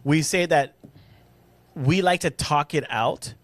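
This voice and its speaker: A man's voice: on the high side, takes it slowly, no room sound. A man co-hosting a casual podcast, talking emphatically, repeating his points and speaking straight to listeners. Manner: emphatic, repeats himself, addresses listeners as "guys". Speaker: podcast co-host.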